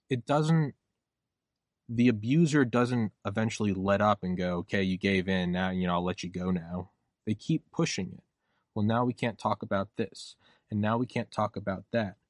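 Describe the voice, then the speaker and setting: A man's voice: on the low side, dry recording, studio quality. A man hosting a podcast in casual conversation, rambling and acting out quoted voices as he talks. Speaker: podcast host.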